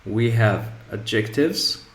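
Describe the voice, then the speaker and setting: Male teacher, measured slow delivery, mid-pitched, repeats example words, echoey classroom sound. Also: expressive. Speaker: English teacher. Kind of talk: grammar lesson. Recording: echoey room.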